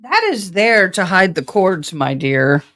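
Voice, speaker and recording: A woman's voice: fairly low pitch, lively intonation, slow pace, fairly bright tone, dry recording, clean studio sound. A woman hosting a live stream from her home, chatting casually and talking straight to her viewers. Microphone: camera setup.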